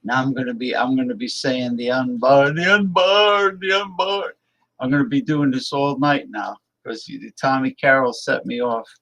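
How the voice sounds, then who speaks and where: A man's voice: mid-range voice, fairly even intonation, normal speed, hardly any pauses, fairly bright tone, rough recording. A man hosting a casual political livestream, reading viewer messages aloud and speaking bluntly and emphatically, often repeating words for effect.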